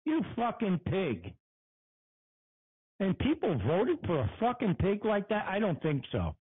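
A man's voice: sits high, sing-song, normal speed, husky, no echo, narrow, tinny audio. A man hosting a casual podcast, angry and profane, mocking and swearing. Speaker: podcast host. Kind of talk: casual profane livestream rant.

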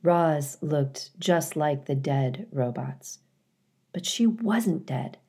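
Slow, low-voiced woman reading a story. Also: expressive, a little mellow, husky. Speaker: reader. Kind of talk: children's novel read-aloud.

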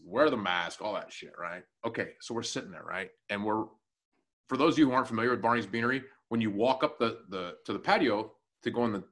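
A man on a casual podcast, telling a long profane story and acting out what everyone said. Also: lowish voice. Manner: profane, animated anecdote telling with acted-out quotes. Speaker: podcast co-host and new tech guy.

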